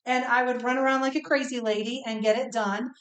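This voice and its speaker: A woman's voice: fairly high pitch, fairly even intonation, a little fast, a crowd in the background. A woman, co-hosting a casual cooking chat in a playful, teasing way. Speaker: co-host. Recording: echoey kitchen.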